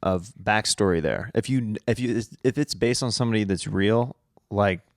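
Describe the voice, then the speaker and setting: A male podcast host chatting casually, easygoing and a little halting. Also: fairly low pitch, dry recording, studio quality.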